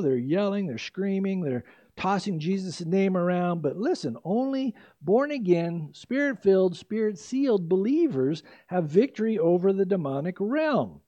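An older man preaching a sermon with animated emphasis and quick asides. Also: high voice, dry recording. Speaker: pastor. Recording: dry, slightly dull lo-fi recording.

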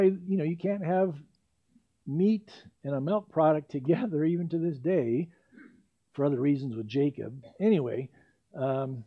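Mellow-voiced man preaching a sermon. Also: on the high side, measured pace, muffled recording. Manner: lively storytelling with playful asides.

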